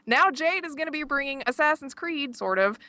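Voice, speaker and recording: Female gaming podcast host, slightly high, bright voice, wry teasing chat, dry recording. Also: lively intonation, brisk, no room sound. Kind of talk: casual chat.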